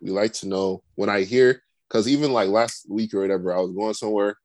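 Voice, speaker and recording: A man's voice: fairly low pitch, steady tone, a little fast, a little mellow, dry recording. A man co-hosting a podcast in casual chat, rambling and saying "like" constantly. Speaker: podcast co-host.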